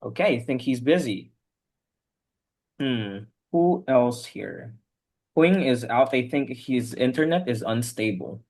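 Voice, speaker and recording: A man's voice: medium pitch, expressive, slow, darkish tone. A man teaching an online English class over a video call, patiently correcting his students' pronunciation word by word.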